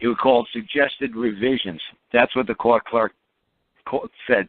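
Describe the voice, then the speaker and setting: Male radio talker, mid-pitched, blunt and emphatic, laughs at his own stories, heard over a tinny phone line. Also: normal speed, no echo. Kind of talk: animated monologue on a call-in radio show.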